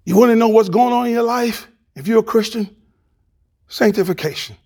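Male pastor, sermon, high gravelly voice, husky, preaching that swings loud then hushed. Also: a little fast. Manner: animated preaching that drops to a hush.

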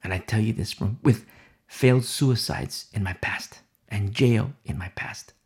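Gravelly, husky fervent male preacher. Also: fairly low pitch, measured pace. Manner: fervent, dramatic swings from loud declarations to whispers. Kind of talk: sermon.

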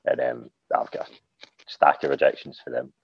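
A man's voice: a bass voice, little pitch movement, moderate pace, creaky, slightly rough, no room sound, muffled recording. A man with a Glaswegian accent, an author guest chatting casually on a podcast, swearing freely and dropping "like" and "aye".

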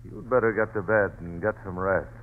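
An actor playing a calm, rational doctor who is a friend, firm and reassuring, in a 1940s radio play on a tinny old recording. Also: male voice, on the low side, moderate pace, close to an everyday voice.

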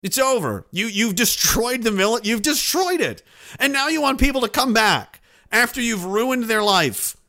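Man, profane ranting commentary, sarcastic, indignant, high voice, bright. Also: animated, normal speed.

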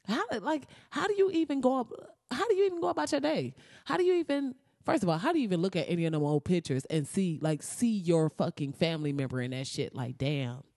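A woman hosting comedic news commentary, blunt and animated, swearing freely and breaking into loud, high outbursts. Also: fast talker, few pauses, dry recording, studio quality. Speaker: commentary host.

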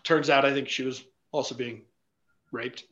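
A man's voice: mid-range voice, steady tone, normal speed, a bit bright, dull audio. A man telling stories as an interview guest in a blunt, casual way, swearing freely and leaning on fillers. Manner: blunt and profane, with frequent fillers. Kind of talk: casual storytelling.

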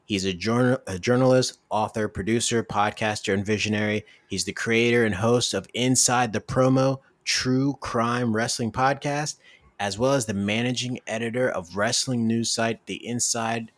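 A man hosting a comedy podcast, telling stories in a deadpan, bantering way. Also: mid-range voice, moderate pace. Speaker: podcast host.

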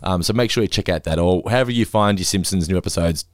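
A man's voice: deep voice, fast, no echo, studio quality. A man co-hosting a podcast, chatting casually and acting out voices when he tells stories. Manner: animated storyteller, acts out voices. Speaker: podcast co-host.

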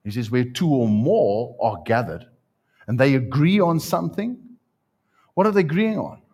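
A pastor with a mid-range voice preaches to his congregation in church at a normal speed. He tells animated stories and calls people up for a live demonstration.

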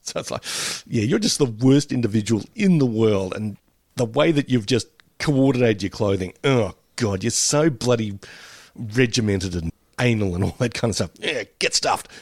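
A man's voice: fairly low pitch, dry recording. A man chatting casually as a podcast co-host, joking and acting out little voices. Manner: animated, jokey, acts out little voices. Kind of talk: casual chat reviewing a sitcom.

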